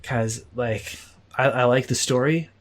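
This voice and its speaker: A man in his thirties co-hosting a podcast, telling relaxed stories in casual chat with plenty of fillers. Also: medium pitch, a little slow. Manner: relaxed storytelling with many fillers. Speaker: podcast co-host.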